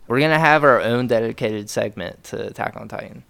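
A man's voice: mid-range voice, a little fast, creaky, fairly bright tone, no echo. A young man co-hosting a podcast, chatting casually and jokingly about video games, often trailing off and restarting. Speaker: podcast co-host. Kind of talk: casual gaming chat.

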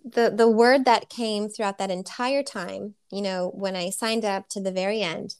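A woman with a smooth, resonant voice speaks softly about healing as an interview guest. She sounds dreamy and gushing, her thoughts trailing through ums and likes, at an ordinary mid pitch. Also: steady tone, moderate pace. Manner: soft, dreamy, gushing, many fillers. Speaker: spiritual healer guest. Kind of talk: casual interview talk.

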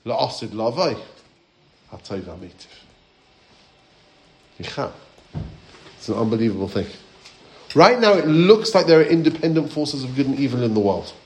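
A man's voice: medium pitch, big pitch swings, normal speed, long pauses. A rabbi giving a Torah class, asking his listeners questions and quoting Hebrew and Aramaic texts.

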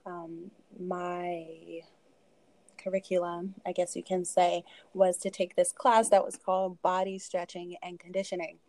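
A woman in her thirties shares her personal story as a podcast guest. She speaks in a mellow, warm tone and keeps it conversational with asides and light laughter. The recording is close and dry, with no room sound. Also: on the low side, flat delivery, measured pace, no echo.

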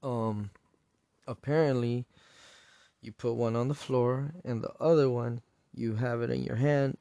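A man hosts a solo podcast, casually retelling and reviewing a show episode in a rambling, profane manner. His voice is medium-pitched with a dark tone, and there's no echo.

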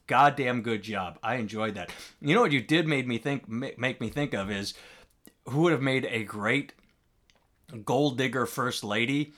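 Man w bright sharp voice, crude casual chat, jumps up high a lot.

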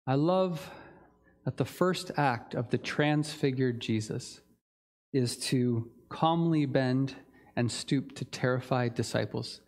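A male pastor delivers a sermon in an earnest, reflective voice. His pitch sits in an ordinary middle range, and he talks his way through the text with the odd filler and restart. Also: slow.

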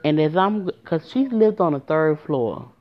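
A woman tells a personal story in a casual, emotional way and speaks straight to her listeners. Her voice sits low. The recording sounds muffled and lo-fi. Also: animated, measured pace. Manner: emotional, addresses listeners directly.

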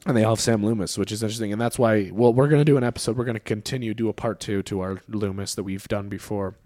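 A man co-hosting a podcast in casual chat, talking freely with fillers and getting animated when he makes a point. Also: fairly low pitch, fast talker, no echo. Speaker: podcast co-host.

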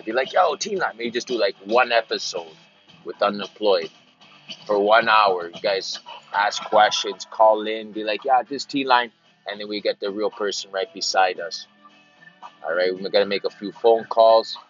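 A man's voice: fairly low pitch, fairly bright tone, lo-fi sound. A man hosting a podcast in a rambling casual monologue, repeating himself and wandering between stories. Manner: meandering, repeats phrases, slips into silly greeter voices. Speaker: podcast host.

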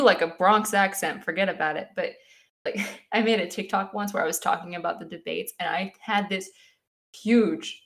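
Chatty, animated woman podcast co-host, mid-pitched, swears and laughs often. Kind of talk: casual podcast chat.

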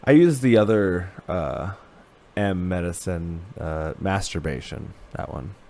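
A man's voice: low-pitched, expressive, takes it slowly, creaky, a little mellow. A man hosting a podcast, asking laid-back, teasing questions in casual chat. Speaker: podcast host.

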